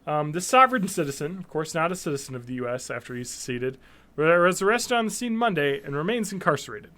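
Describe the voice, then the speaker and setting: A man's voice: a little high, very animated, fast talker, pushed and bright. A man co-hosting a casual podcast, reading out odd news stories with sardonic jokes. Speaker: podcast co-host.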